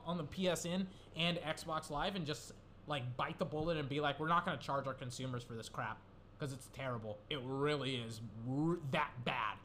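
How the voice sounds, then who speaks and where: Young dude ranting casually, swearing a lot, kinda high voice, faint hiss behind. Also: male voice, fairly bright tone. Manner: rambling, swearing, getting worked up. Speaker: gaming commentator. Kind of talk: casual solo commentary.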